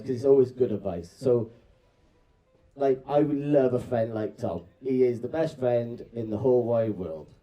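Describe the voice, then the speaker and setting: Cheeky young best man, gruff. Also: mid-range voice, warm tone, muffled recording. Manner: rambling, cheeky, swearing, laughing at his own jokes. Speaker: wedding best man giving a speech. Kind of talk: casual, jokey wedding toast. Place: large outdoor wedding party at night.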